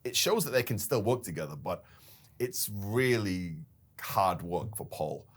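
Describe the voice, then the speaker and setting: A man with a very low voice recounts a story in a relaxed business chat. He tells it with animation and laughs now and then as he co-hosts. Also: unhurried. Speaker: company founder and podcast co-host.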